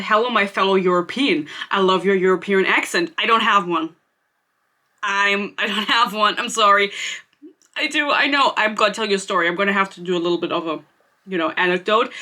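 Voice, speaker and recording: A woman's voice: medium pitch, sharp tone. A young woman from Germany with a German accent, rambling casually to her viewers as the host of her book channel. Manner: rambling, self-interrupting, chatty. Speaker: booktube host. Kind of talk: casual chat to camera.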